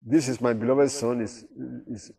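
A man's voice: mid-range voice, steady tone, moderate pace, warm tone, slightly rough, far from the mic. A man teaching a Bible study, reading verses aloud and explaining them with rhetorical questions.

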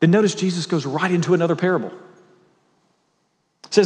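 Pastor preaching in a reverberant hall. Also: male voice, high-pitched, animated. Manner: reads scripture slowly, tells stories with quoted dialogue. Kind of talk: sermon. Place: church sanctuary. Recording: long reverb in a church hall.

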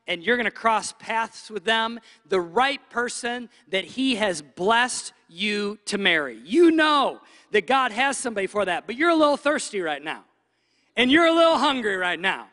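A pastor preaching a Sunday sermon with animated delivery, acting out doubting inner voices. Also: male voice, high-pitched, moderate pace, big-room sound. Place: church stage.

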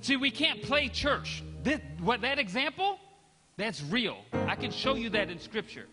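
Man, pastor, sermon, high voice, conversational, church hall reverb, faint music. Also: a little slow. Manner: animated, demonstrative preaching with acted-out examples; conversational, checks in with audience. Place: church sanctuary.

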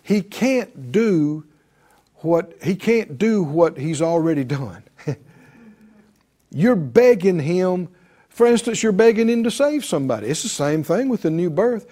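A man preaching a sermon in a high, animated voice that swings widely in pitch. He speaks slowly with a warm, mellow tone. He drives his points home by repeating key words and acting out other people's prayers.

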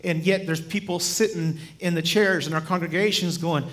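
A man as guest preacher, telling stories in a sermon in a lively, humorous way and chuckling as he speaks. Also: high-pitched, normal speed. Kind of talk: sermon with storytelling.

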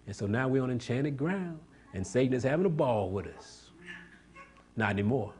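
A man's voice: medium pitch, lively intonation, moderate pace, darkish tone, slight background noise. A man preaching a sermon, pushing each point up into emphatic, rising climaxes and drawing call-and-response from the congregation. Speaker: pastor.

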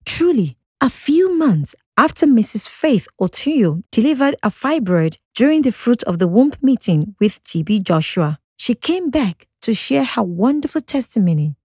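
A woman's voice: fairly high pitch, big pitch swings, moderate pace, hardly any pauses, darkish tone, slightly rough, no room sound, clean studio sound. A woman reading a scripted voice-over narration that introduces testimonies.

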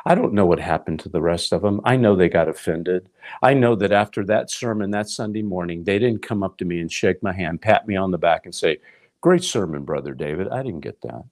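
A man's voice: sits low, animated, a little fast, a little mellow. A middle-aged man preaching a sermon, telling a personal story and acting out his dialogue with God, addressing listeners as folks. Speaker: pastor.

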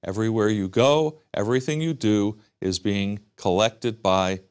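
A man's voice: on the low side, moderate pace, darkish tone, clean tone. Emphatic American male guest. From United States. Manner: emphatic, repeats words in lists. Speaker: guest commentator. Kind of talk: interview answers.

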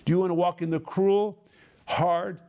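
A man teaching from the Bible, preaching emphatically and alternating quick bursts with slow, drawn-out stresses. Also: high-pitched, fairly even intonation, warm tone.

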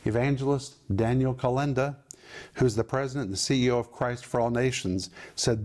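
A man's voice: medium pitch, steady tone, normal speed, darkish tone. A man giving a televised Bible teaching, speaking emphatically and explaining Greek words.

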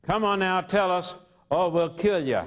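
A man's voice: high-pitched, measured pace. A man preaching a sermon voices a cruel male persecutor who threatens and makes demands of a boy. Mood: menacing.

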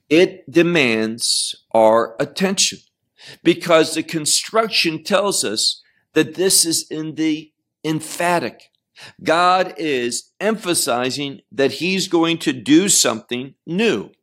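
Slow, deliberate male Bible teacher. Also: on the high side, a bit bright. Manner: deliberate, often repeats and restarts words; explains Hebrew terms. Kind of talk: verse-by-verse scripture teaching.

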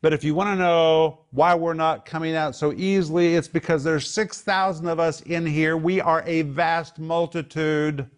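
A stubborn male demon speaks for the whole horde, defiant and emphatic, his voice pushed loud and high, as a preacher puts him on while retelling a story. The tone stays that of a sermon rather than a staged drama. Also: little pitch movement, normal speed, hardly any pauses, lightly acted.

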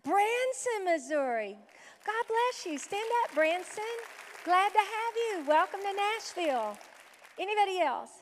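A woman's voice: very high-pitched, very animated, a little slow, slight background noise. A woman pastor welcoming visitors from the pulpit, exuberant and full of praise exclamations. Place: church sanctuary. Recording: reverberant hall with a faint congregation.

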